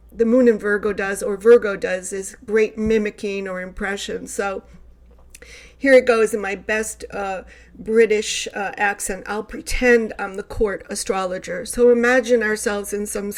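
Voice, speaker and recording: A woman astrologer gives a casual horoscope talk at a medium pitch. She talks in a loose, chatty way, wandering through her points and circling back to them. Her tone is conversational and unscripted. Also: a little mellow. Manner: chatty and rambling, with many fillers and restarts. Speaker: astrologer, host of a horoscope channel. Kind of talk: casual spoken horoscope monologue.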